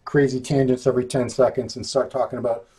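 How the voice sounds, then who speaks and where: A man's voice: medium pitch, level tone, fast talker, dark tone, breathy edge. A man hosting a casual chat show, joking and laid-back, trading banter with his guest. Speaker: host, magazine editor.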